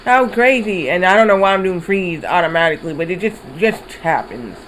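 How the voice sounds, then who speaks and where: A man's voice: high voice, a little fast, slight background noise, poor audio. A man streaming a video game, telling a rambling story with casual swearing. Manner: rambling, animated retelling with swearing. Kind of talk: casual storytelling while gaming.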